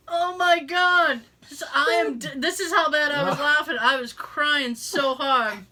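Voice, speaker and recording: A middle-aged woman hosts a podcast, telling a story in casual chat while swearing freely and laughing as she goes. Her voice is high-pitched with a sharp tone.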